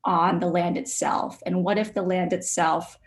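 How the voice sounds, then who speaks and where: A woman artist presenting her work on a video call, soft-spoken and reflective, with frequent ums. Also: on the low side, steady tone, moderate pace. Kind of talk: virtual studio visit presentation.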